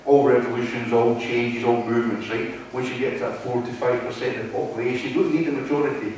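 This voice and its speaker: A man's voice: medium pitch, steady tone, fast, darkish tone, distant mic, slight background noise. Man with Wigan accent, echoey hall. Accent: Wigan, Lancashire. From North West England. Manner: conversational, keeps checking in with the room. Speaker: guest speaker. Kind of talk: public talk to a live audience. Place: meeting hall.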